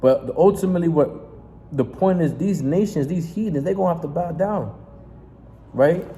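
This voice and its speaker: A man preaching in a fiery, confrontational sermon, reading scripture aloud and breaking off into profane, emphatic asides with a steady "right?". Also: a little high, normal speed. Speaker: street preacher. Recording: reverberant space with faint noise.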